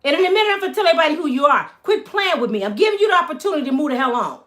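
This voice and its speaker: Heated high-voiced woman ranting to viewers. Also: animated, racing, fairly bright tone. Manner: heated, emphatic, addresses viewers as y'all. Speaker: channel host. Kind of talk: angry vlog rant to viewers.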